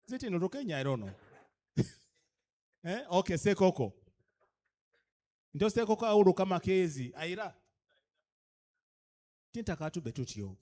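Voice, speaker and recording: A man's voice: fairly high pitch, darkish tone. A man with a Ugandan accent addressing cultural leaders, emphatic and full of rhetorical questions to the room, switching between English and a local language. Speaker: guest speaker at a leadership orientation. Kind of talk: addressing an audience.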